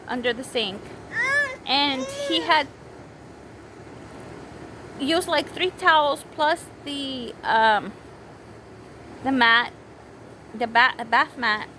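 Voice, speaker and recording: A woman's voice: sits high, sharp tone, a little hiss or hum, low-quality recording. A woman in her thirties telling a story about her week at home, rambling and correcting herself, with children heard nearby. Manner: rambling, self-correcting, breaks off to scold kids. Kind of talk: casual storytelling vlog. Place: home with small children around.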